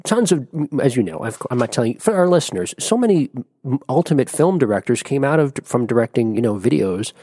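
A man's voice: medium pitch, big pitch swings, fast, warm tone, breathy edge, no room sound, clean studio sound. A man hosting a podcast, asking long, meandering questions with frequent restarts. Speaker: podcast host. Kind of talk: casual interview.

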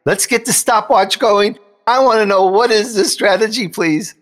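A man's voice: high-pitched, moderate pace, big-room sound. A man hosting an interview show, talking with enthusiasm and emphatic bursts. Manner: enthusiastic, emphatic, laughs between points. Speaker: show host. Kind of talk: interview chat.

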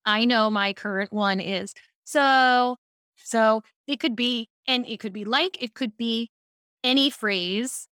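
A woman from Baltimore, a speaking coach, telling lively stories as a podcast guest. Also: fairly high pitch, a little slow, no room sound, studio quality. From Baltimore, USA. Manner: lively storyteller, animated asides. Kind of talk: casual podcast interview.

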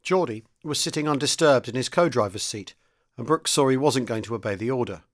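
A man reading a novel aloud in a steady, measured narrating voice. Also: medium pitch. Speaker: reader. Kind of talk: audiobook-style novel reading.

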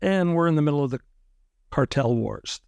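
Man, lawyer telling his story, lively acted-out quotes, higher voice, dry close sound. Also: moderate pace, vocal fry, smooth, dry recording. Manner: animated, acts out other people's lines. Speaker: lawyer recounting his own case. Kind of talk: interview storytelling.

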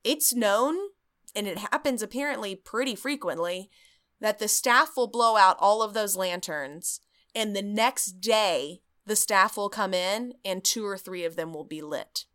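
A woman co-hosting a podcast, telling a story in an animated, joking way. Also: medium pitch, a little slow. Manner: animated storyteller, jokey, swears. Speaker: podcast co-host. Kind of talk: casual chat.

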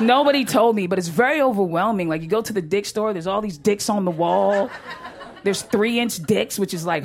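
On a comedy stage before an audience, a woman performs a brash, profane stand-up set, talking animatedly and laughing often. Her voice is medium-pitched, with background noise.

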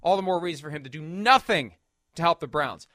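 A man's voice: on the high side, brisk, bright, forceful tone, dry recording, studio quality. A man hosting a sports talk show, arguing emphatically and firing off rhetorical questions.

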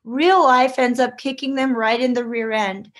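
A woman's voice: fairly high pitch, steady tone, normal speed. A woman who writes children's books, telling her story as an interview guest and acting out the voices in it. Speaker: children's book author.

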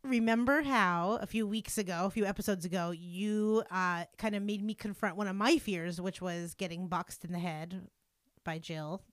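A woman's voice: medium pitch, steady tone, moderate pace, dry recording, studio quality. A woman co-hosting and producing a podcast, chatting casually in a playful, teasing way. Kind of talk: casual chat.

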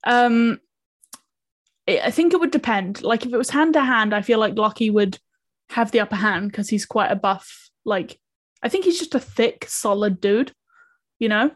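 A woman's voice: a little high, animated, moderate pace, dry recording. A young woman co-hosting a podcast, chatting casually with lots of fillers and frequent laughs. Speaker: podcast co-creator. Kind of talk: casual chat.

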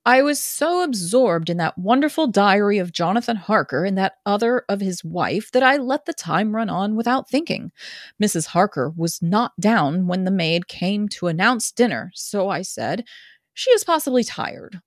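A woman's voice: medium pitch, animated, normal speed, no echo, studio quality. A woman co-hosting a casual read-aloud podcast, slightly drunk, with wry, laughing asides. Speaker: podcast co-host and reader. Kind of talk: casual reading with jokes.

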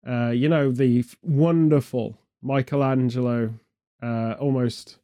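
A man's voice: mid-range voice, fairly even intonation, measured pace, warm tone. A man from the UK chatting casually, spinning meandering, absurd comic tangents with a straight face. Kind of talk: comedic rambling chat.

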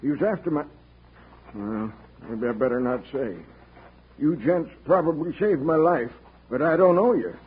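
A wary old gold prospector. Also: male voice, on the high side, expressive, normal speed, pauses often, breathy edge. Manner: drawling, folksy backwoods talk. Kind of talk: 1950s radio drama acting. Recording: tinny 1950s radio broadcast with faint hiss.

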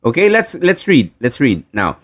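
A man with a Filipino accent preaching a sermon, animated and repeating key phrases for emphasis. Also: mid-range voice, normal speed.

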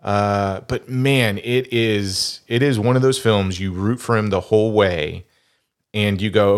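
A middle-aged man with a fairly low voice rambles through a relaxed podcast chat. He often trips over his words and restarts his sentences as he talks. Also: a little slow, smooth. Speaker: podcast host. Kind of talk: casual chat.

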